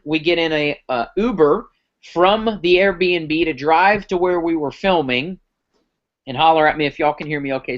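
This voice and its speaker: Man, sales pitch, fairly high voice, acts out dialogue, muffled lo-fi sound. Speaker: company founder pitching product. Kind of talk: live sales presentation on a conference call. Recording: muffled lo-fi recording.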